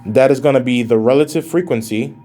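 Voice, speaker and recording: A man's voice: mid-range voice, brisk, dark tone. Casual male math professor lecturing. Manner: casual, addresses students as guys, thinks aloud while calculating. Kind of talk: recorded lecture.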